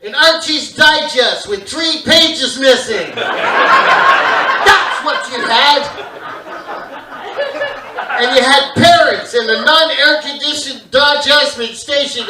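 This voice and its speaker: A man in his fifties from Canada doing stand-up comedy on a theater stage, rambling through animated off-topic asides. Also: very high voice. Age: 50s. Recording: echoey live theater from far off. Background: audience laughter.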